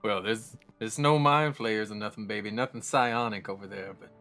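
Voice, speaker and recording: A man's voice: on the low side, moderate pace, pushed and bright, faint music behind. A man doing a drawling telepathic crewman who says baby. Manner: drawling, calls everyone baby. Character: laid-back male telepathic crewman, uneasy.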